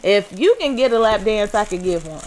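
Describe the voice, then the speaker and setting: A woman's voice: medium pitch, lively intonation, a little fast, a crowd in the background, poor audio. A woman co-hosting a casual chat, giving frank, outspoken opinions.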